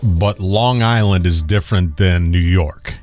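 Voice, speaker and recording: A man's voice: sits low, unhurried, a little mellow, faint music behind. A man co-hosting a casual talk show, speaking briefly and dryly. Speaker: co-host. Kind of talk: casual radio chat.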